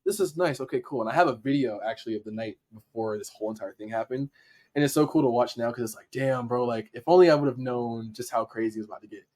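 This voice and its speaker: Man telling an animated story. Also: medium pitch, quick pace. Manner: animated, acts out his own reactions in quotes; casual slang, frequent "like" fillers. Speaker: podcast guest, dancer and video editor. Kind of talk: casual storytelling.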